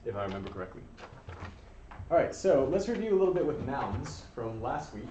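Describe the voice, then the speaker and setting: A man's voice: medium pitch, big pitch swings, a little fast, dark tone, slight background noise. Patient male teacher, echoey room. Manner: patient, encouraging, frequent ums and uhs. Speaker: Spanish teacher. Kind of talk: classroom lesson, calling on students. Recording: distant, echoey, dull room recording.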